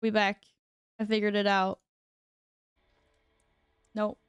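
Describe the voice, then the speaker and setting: A woman's voice: mid-range voice, monotone, slow pace, clear, resonant tone, dry recording, studio quality. A woman streaming a game, chatting casually with her viewers while she fixes her audio. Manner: flustered, talks to chat while fixing audio. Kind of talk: casual live-stream chat.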